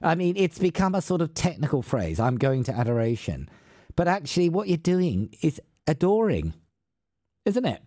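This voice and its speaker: A man's voice: fairly high pitch, very animated, moderate pace, mellow, no room sound, studio quality. A man hosting an interview, affirming his guest often with short interjections. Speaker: host.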